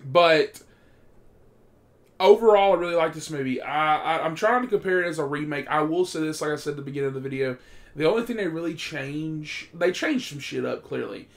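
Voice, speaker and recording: A man giving a casual, profane movie review, excitable and animated, with loud bursts when he gets worked up. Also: a little high, a little fast.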